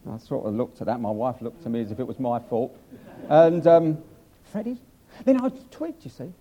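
A man's voice: mid-range voice, lively intonation, normal speed, dark tone, muffled recording. An older man preaching a humorous sermon, chatty and self-mocking as he tells stories.

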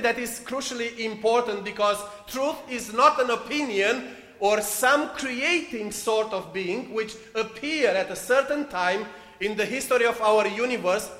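A man from Romania with a Romanian accent, preaching a sermon and telling a story in short, deliberate phrases with non-native phrasing. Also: very high voice, sharp tone. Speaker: preacher leading a meditation. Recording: echoey hall with long reverb.

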